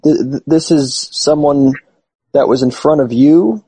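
A man's voice: a little high, a little slow, warm tone, breathy edge, no echo. A man on a show's crew, chatting casually. He asks probing questions and stumbles a little as he starts them. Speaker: show crew member. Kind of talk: casual chat.

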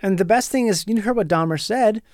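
A man's voice: sits high, a little fast, darkish tone, dry recording, clean studio sound. A man from Minnesota, a comedian guest chatting casually and jokily on a podcast. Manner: jokey, riffs into character voices.

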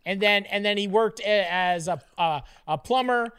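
A man's voice: high-pitched, moderate pace, a bit bright, clear, resonant tone. A man co-hosting a casual podcast, teasing and swearing freely as he banters. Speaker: podcast co-host. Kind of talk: casual chat.

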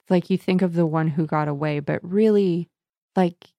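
A woman co-hosting a casual book discussion, animated and laughing often as she retells scenes. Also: lowish voice, normal speed, gravelly, no echo, studio quality. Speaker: book podcast co-host. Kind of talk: casual chat.

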